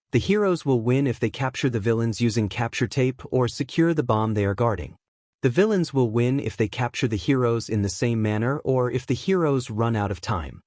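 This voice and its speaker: Male storyteller reading fan fiction, animated pitch, dry close sound. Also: no room sound. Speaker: narrator. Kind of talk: fan fiction read-aloud narration.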